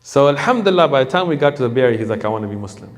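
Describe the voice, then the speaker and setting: A man, an Islamic preacher, telling a story in an animated way and acting out the people in it. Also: mid-range voice, rapid-fire. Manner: animated, acts out the voices of the people in his story. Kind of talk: storytelling talk. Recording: long hall reverb.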